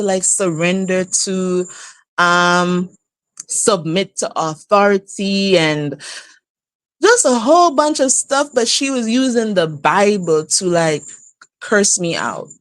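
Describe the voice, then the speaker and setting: A woman in her thirties telling a personal story casually on a live stream, laughing often and jumping high in pitch for emphasis. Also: no room sound. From outside the U.S. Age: 30s. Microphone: live stream setup.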